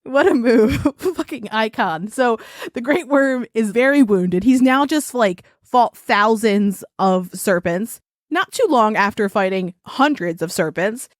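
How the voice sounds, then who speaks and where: A woman's voice: fairly high pitch, lively intonation, unhurried, dry recording, studio quality. A woman co-hosting a podcast, retelling a folktale in a casual, profane, giggly way. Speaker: podcast co-host. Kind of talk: casual storytelling chat.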